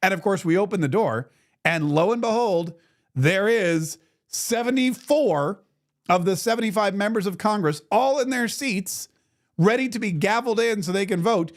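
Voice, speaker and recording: A man hosting a political talk show, telling a rambling story in a casual, animated way. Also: sits high, moderate pace. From Florida.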